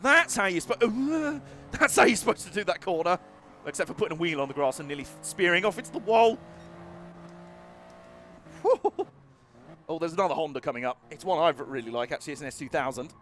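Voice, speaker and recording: Excitable high-voiced streamer. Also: male voice, fairly quick, soft background music. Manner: excitable, laughs often, jokey and crude. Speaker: game streamer. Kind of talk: live racing gameplay commentary.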